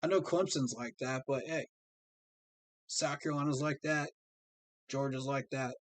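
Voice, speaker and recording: Speaking unhurriedly in a steady, mid-range voice with no echo, this man hosts a livestream for fans. His words to viewers come across as sincere and heartfelt.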